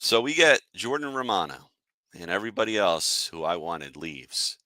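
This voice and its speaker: Male sports-show host, lowish voice, casual irritated rant, answers live chat. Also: sing-song, moderate pace, bright, forceful tone, dry recording. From Philadelphia area. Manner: annoyed, fired-up, talks to chat viewers.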